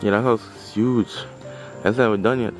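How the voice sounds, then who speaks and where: A young man, giving a laughing, excited house tour and talking about his family. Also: fairly low pitch, a little fast, soft background music. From Jamaica. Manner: excited, laughing, pointing things out. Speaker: vlogger. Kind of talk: casual home tour and talk.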